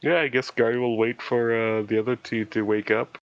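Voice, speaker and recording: A man's voice: mid-range voice, steady tone, brisk, clear, resonant tone, dry recording, lo-fi sound. A man speaking earnestly in character at a tabletop role-playing game. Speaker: player.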